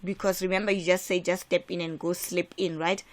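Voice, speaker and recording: A woman's voice: lowish voice, flat delivery, brisk, hardly any pauses. A woman from South Africa teaching an exam revision lesson, emphatic and repetitive, with frequent restarts. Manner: emphatic, repeats key points, frequent filler restarts.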